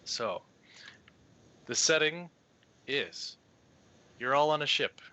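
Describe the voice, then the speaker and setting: Guy running a tabletop game, bright voice, laid back. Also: fairly high pitch, lively intonation, takes it slowly. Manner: easygoing, descriptive. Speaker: game master.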